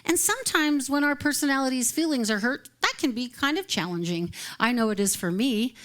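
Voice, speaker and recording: Higher-voiced woman minister, chatty and light. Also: animated, a little fast, a bit bright. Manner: chatty and light, laughs often between phrases. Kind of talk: casual sermon. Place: live service at a spiritual center.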